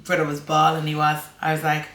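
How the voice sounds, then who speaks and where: An Irish woman chats to her camera at home in a rambling, friendly vlog way, laughing now and then. Her voice sits low but sounds bright and forward. The room around her is echoey. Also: completely flat delivery, a little fast, slight background noise. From Ireland. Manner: chatty and rambling, laughs often. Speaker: vlogger. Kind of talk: casual chat to camera.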